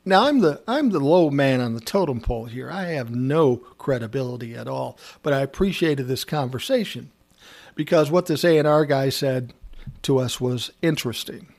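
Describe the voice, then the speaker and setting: A man's voice: medium pitch, expressive, normal speed, darkish tone. A man telling a casual anecdote from his time as a music producer, acting out the dialogue and swearing freely. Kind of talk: casual spoken storytelling.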